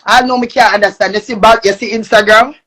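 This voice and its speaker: A young woman with a Jamaican accent ranting angrily on a live stream, cursing and shouting. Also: medium pitch, fairly even intonation, fast talker. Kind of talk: angry live-stream rant.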